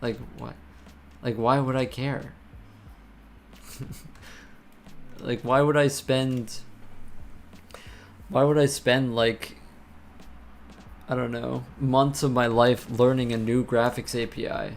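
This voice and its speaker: A man's voice: mid-range voice, level tone, slow, long pauses, a little hiss or hum. A man live-streaming while programming, chatting casually and ranting with lots of swearing and filler words.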